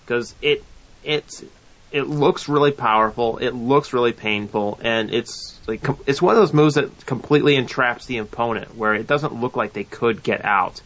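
A man's voice: mid-range voice, fairly bright tone, highs cut off. A man co-hosting a casual wrestling chat, talking in a rambling, sarcastic way. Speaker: podcast co-host.

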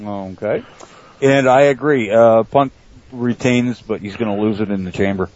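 A man hosting a casual wrestling podcast, brisk and teasing as he moves through the picks. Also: medium pitch, darkish tone, dry recording. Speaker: podcast host running the picks. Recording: dull lo-fi audio.

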